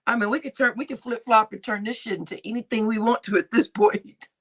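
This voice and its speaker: A woman's voice: fairly high pitch, fairly quick. A woman hosting a casual livestream, laughing constantly between remarks and swearing freely. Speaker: livestream host.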